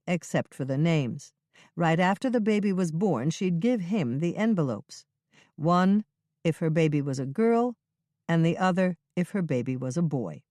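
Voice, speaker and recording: An audiobook narrator reading a cozy mystery in an even, measured way. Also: medium pitch, no echo, studio quality. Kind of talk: scripted narration.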